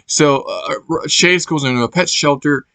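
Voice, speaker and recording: A man's voice: a little high, a little slow, pushed and bright, dry recording, soft background music. A man casually reviewing a movie for his channel, rambling and searching for words as he laughs along.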